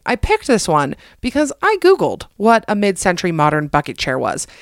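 A woman's voice: on the low side, clean tone, no echo. Podcast host, young woman from the US, dry close mic, self-deprecating and jokey. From United States. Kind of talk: casual comedic monologue.

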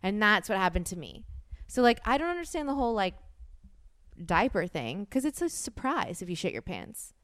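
A woman co-hosting a podcast, talking bluntly and swearing freely in animated casual chat. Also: medium pitch, moderate pace, dry recording, studio quality. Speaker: podcast co-host.

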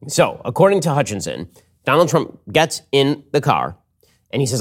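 A man hosting a political commentary show, talking fast and argumentatively, with a read ad segment. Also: mid-range voice. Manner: quick, animated, argumentative.

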